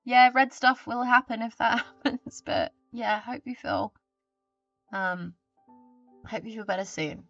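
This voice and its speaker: A woman's voice: on the high side, measured pace, creaky, a bit bright, no room sound, soft background music. Chatty woman streamer, dry lo-fi sound. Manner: chatty, greets viewers and reads their messages aloud. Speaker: live streamer. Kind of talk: casual chat with live viewers. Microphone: desk mic with pop filter.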